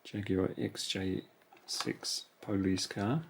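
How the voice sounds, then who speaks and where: A man's voice: low-pitched, fairly even intonation, slow, noisy background. A man chatting casually to himself while unboxing toy cars, musing over each one. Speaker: toy car collector. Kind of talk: relaxed unboxing commentary.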